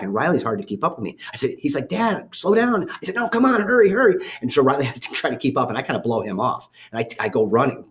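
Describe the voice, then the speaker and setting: A man telling a story from his own life. He speaks casually, often corrects himself and restarts, and acts out the voices of the people in it. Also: mid-range voice. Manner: rambling with self-corrections and restarts. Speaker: father telling a family story.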